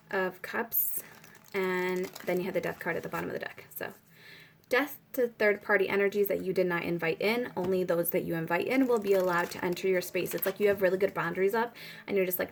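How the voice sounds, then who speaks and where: A woman's voice: fairly low pitch, fairly even intonation, brisk. A young woman giving a casual spiritual tarot reading, rambling with many fillers. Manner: rambling, filler-heavy, breaks off to pray aloud. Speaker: tarot reader.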